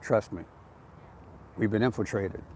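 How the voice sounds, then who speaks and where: A man's voice: lowish voice, unhurried, darkish tone, slight background noise. A man hosting an outdoor live stream, talking in an emphatic, repetitive, preachy way. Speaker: channel host. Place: outdoors on an urban street.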